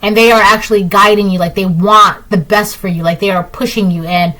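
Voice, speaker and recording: A woman's voice: medium pitch, fairly even intonation, brisk, fairly bright tone, rough recording. Chatty woman reading tarot. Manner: chatty, repetitive, tags lines with "right?". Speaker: tarot reader. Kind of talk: casual collective tarot reading.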